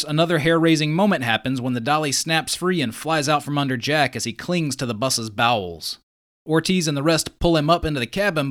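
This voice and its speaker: A man's voice: fairly high pitch, a bit bright. A man hosting a podcast, narrating in a breezy, scripted way and introducing guests. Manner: breezy, conversational. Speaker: podcast host.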